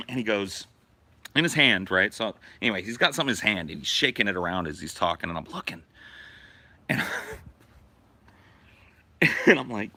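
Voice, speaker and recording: A podcast host telling a profane, animated story from his childhood in casual talk. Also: on the low side, vocal fry, no room sound.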